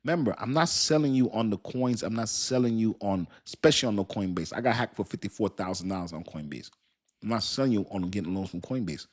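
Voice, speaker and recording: A man with a fairly low voice hosts a live stream and talks straight to his viewers. His speech is loose and slangy, and it wanders with frequent restarts. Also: animated, fast. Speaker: crypto channel host. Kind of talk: casual livestream talk to viewers.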